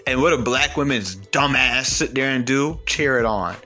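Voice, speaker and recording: A man's voice: medium pitch, normal speed, bright, forceful tone, soft background music. A man giving a blunt, profane, heated ranting monologue as an online commentator.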